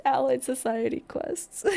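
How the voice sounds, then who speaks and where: A woman's voice: high voice, fairly even intonation, slow, vocal fry, warm tone. Young woman streamer, casual commentary, chatty and exclamatory, faint game music under. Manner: chatty, exclamatory, laughs often. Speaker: gaming streamer.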